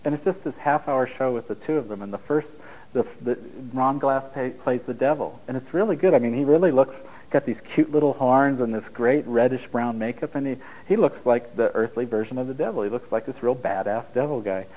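A middle-aged man speaking in an everyday mid-pitched register addresses a room with a live audience, a little fast and on lo-fi sound. Like a relaxed spiritual teacher giving an informal talk, he rambles loosely, jokes, laughs at his own lines, and drifts between stories and points.

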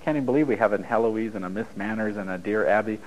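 A man's voice: lowish voice, fast, darkish tone, poor audio. Blunt man telling stories to an audience. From United States. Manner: blunt, storytelling, acts out dialogue. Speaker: relationship speaker. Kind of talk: live talk to an audience.

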